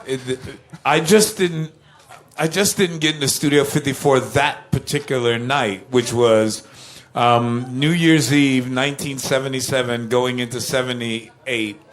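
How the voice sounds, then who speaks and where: An older man, a musician guest in an interview, telling animated anecdotes with laughter and acting out other people's voices. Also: mid-range voice, a little slow. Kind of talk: casual interview storytelling.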